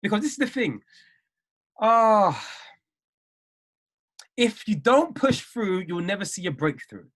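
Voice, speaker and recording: Man, trading coach, video call, lively swooping pitch, emphatic, repetitive. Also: takes it slowly, long pauses. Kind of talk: motivational video call with traders.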